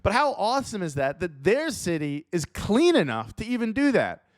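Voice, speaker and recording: Animated comedian, lively pitch. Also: male voice, moderate pace, no room sound, clean studio sound. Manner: animated, acts out silly characters. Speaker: comedian host. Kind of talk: comedic commentary.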